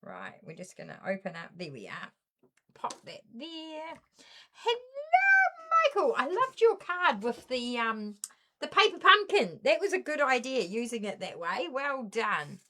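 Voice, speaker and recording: A woman's voice: on the high side, sing-song, unhurried, bright, forceful tone, a little hiss or hum. A middle-aged woman with a New Zealand accent, hosting a casual craft live stream and greeting viewers one by one by name.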